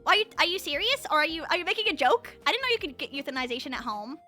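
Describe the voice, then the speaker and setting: Bubbly high-voiced young woman streamer. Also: very animated, racing, pushed and bright, faint music behind. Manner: rambling, frequent fillers and repeated restarts. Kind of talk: casual livestream chat.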